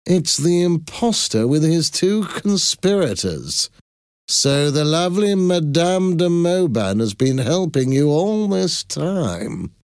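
A man's voice: fairly high pitch, big pitch swings, slow pace, clear, resonant tone, dry recording, clean studio sound, voice pushed up, full character voice. A man voicing an insolent, mocking villainous swordsman in an audiobook. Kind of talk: audiobook character voice.

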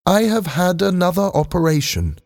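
A man voicing Andrew, a calm, earnest robot who wants to be human, in a read-aloud story. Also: sits high, moderate pace, in a large hall, voice pushed up.

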